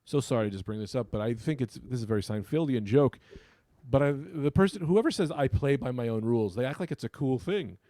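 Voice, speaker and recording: A man's voice: medium pitch, quick pace, mellow, no room sound. A man co-hosting a comedy podcast, goofy and riffing in casual chat. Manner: goofy, riffing, jumps between bits. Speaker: podcast co-host.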